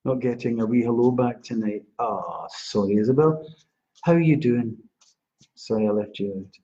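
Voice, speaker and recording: On a dull, lo-fi live stream, a man with a medium-pitched, dark voice talks at normal speed. He plays the role of psychic astrologer, chatting with viewers by name and doing card readings for them.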